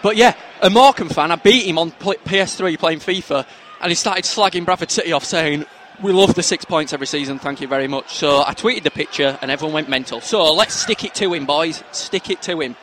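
A man's voice: on the high side, brisk, few pauses, fairly bright tone, slight background noise. A man co-hosting a casual football podcast, joking and teasing his co-host, recorded outdoors at a stadium. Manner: jokey, teasing. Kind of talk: casual banter at a football match.

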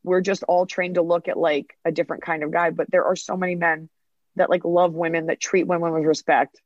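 A woman's voice: on the low side, flat delivery, a little fast, darkish tone, no echo. Woman comic in her 30s, podcast guest, chatty storyteller, acts out quotes, dry dull mic. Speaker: stand-up comedian, podcast guest. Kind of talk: casual interview talk.

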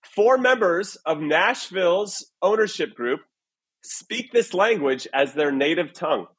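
A male podcast host with a fairly high, husky voice, leading the show in an upbeat, playful way. He banters loosely with his co-hosts and sets up a guessing game. The sound has the feel of a video call. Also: animated, unhurried, fairly bright tone. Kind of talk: casual soccer podcast chat. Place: away from his usual recording spot.

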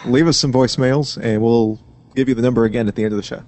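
A man co-hosting a casual podcast, reflecting with many pauses and a dry, teasing edge. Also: medium pitch, fairly even intonation, darkish tone. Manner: hesitant, filler-heavy, dry teasing. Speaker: podcast co-host. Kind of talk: casual chat.

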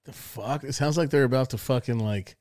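A young man co-hosting a podcast, cutting in with crude jokes and quick questions in casual banter. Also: medium pitch, darkish tone. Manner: joking interjections, crude slang. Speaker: podcast co-host.

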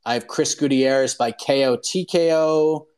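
A man's voice: medium pitch, normal speed, clean tone. Casual male fight-show host. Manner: relaxed, rambling, laughs while talking. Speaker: podcast host. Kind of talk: casual chat about fight betting.

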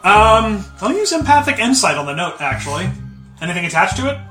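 A man plays a tabletop game, casually narrating what his character does. His voice sits a little high, and the room is echoey with background music. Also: very animated, fairly quick. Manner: casual, laughing, describes actions. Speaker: player.

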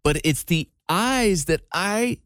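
A man's voice: sits high, lively intonation, takes it slowly, fairly bright tone, no room sound, clean studio sound. A man from Iowa, a radio host, chatting casually and drawing his words out. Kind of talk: casual chat.

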